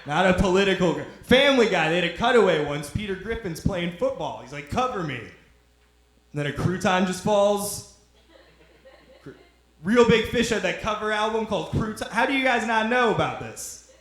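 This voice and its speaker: A man's voice: high-pitched, lively intonation, normal speed, a bit bright. A young man doing a rambling stand-up set, teasing the audience in a loose, drawling way on a club stage. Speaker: stand-up comedian. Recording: echoey club room.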